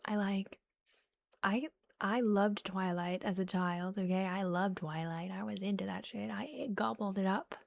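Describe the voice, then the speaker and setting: A woman streamer softly whispering and rambling with giggles in a relaxed ASMR chat, close to the microphone. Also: mid-range voice, measured pace, gravelly, dry recording.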